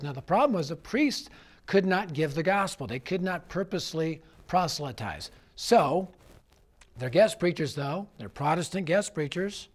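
Animated man preaching a story-driven sermon. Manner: animated storytelling, acting out voices, drops low and quiet for serious points. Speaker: youth evangelist.

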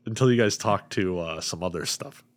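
A man who ran the tabletop game, chatting casually on a podcast with quick agreeing interjections and frequent laughs. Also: low-pitched. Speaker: game master, podcast co-host. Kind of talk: casual chat.

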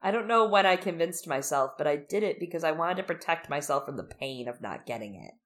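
Gushing, animated young woman. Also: sits low, a little fast. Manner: animated, gushing, acts out quotes with laughs. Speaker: podcast co-host. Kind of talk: casual chat recapping a TV episode.

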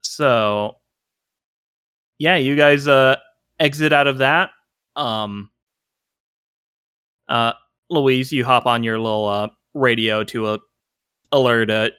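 A man narrating as game master in a tabletop game, halting with many fillers, his throat a little itchy. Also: medium pitch, sharp tone, smooth, dry recording, clean studio sound.

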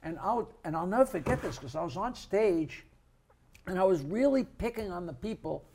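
An older man, a comedian co-hosting a podcast, telling animated, jokey stories in casual chat. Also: sits high, normal speed, a little hiss or hum. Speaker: co-host comedian. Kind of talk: casual storytelling.

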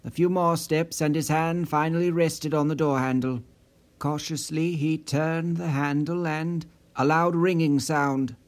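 A man reading a story in steady, measured scripted narration. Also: fairly high pitch. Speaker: audiobook narrator.

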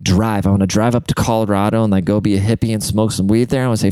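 A man's voice: lowish voice, steady tone, quick pace, hardly any pauses, mellow, clean tone, no echo. A young man rambling in a casual, profane, self-deprecating monologue as a podcast host.

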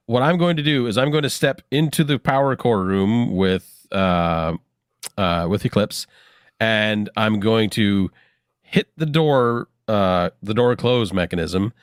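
A man's voice: lowish voice, measured pace, clean tone, no room sound, clean studio sound. A man playing a tabletop role-playing game, chatty and laughing often. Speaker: player.

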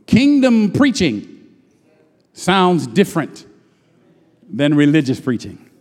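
Man preaching, high voice, very lively pitch, long reverb of a church hall. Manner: swings from loud shouting to low murmurs, drawn-out emphatic phrases. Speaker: pastor. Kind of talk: sermon. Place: church sanctuary.

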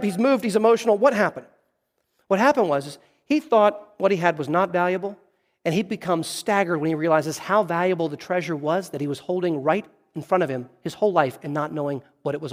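A man's voice: sits high, big-room sound. A man preaching a sermon, telling a story earnestly and restarting his phrases often. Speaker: pastor. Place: church sanctuary.

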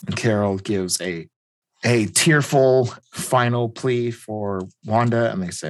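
A man's voice: fairly low pitch, measured pace. A man co-hosting a podcast, casually and animatedly retelling a comic book plot and laughing as he talks. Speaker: podcast co-host.

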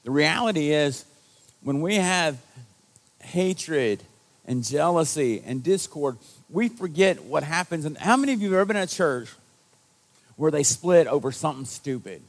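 A man's voice: on the high side, animated, normal speed. A male pastor giving a sermon to his congregation in a conversational, self-deprecating storytelling manner. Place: church service.

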